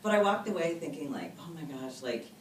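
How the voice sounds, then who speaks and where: A woman in her thirties tells stories from her fieldwork at a brisk pace, heavy on fillers and little re-enacted quotes. She sounds set back from the mic in a roomy space with a faint hiss underneath. Her pitch sits in an ordinary middle range. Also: expressive. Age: 30s. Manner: chatty, fast, full of fillers and quoted dialogue. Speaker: researcher guest. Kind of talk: casual conversational interview. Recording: roomy audio, mic a bit distant, faint noise.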